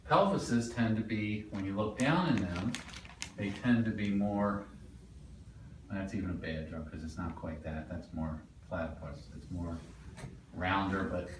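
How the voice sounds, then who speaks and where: Male lecturer, animated, questions the class, roomy distant sound. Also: lowish voice, slight background noise. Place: lecture room. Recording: echoey room, mic at a distance.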